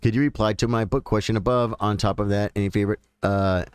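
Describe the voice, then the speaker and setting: A man streaming chess, chatting casually with viewers and thinking out loud about his games. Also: on the low side, steady tone, fast talker, clean tone, no echo. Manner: chatty, thinks aloud, addresses viewers directly. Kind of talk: casual live-stream commentary.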